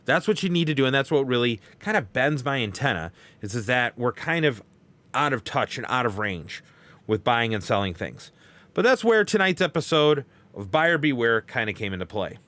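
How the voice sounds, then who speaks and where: A man's voice: mid-range voice, very animated, moderate pace, fairly bright tone. A man hosting a podcast in casual talk, folksy and emphatic, coming back to the same pet phrases. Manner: folksy, emphatic, repeats catchphrases. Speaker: podcast host.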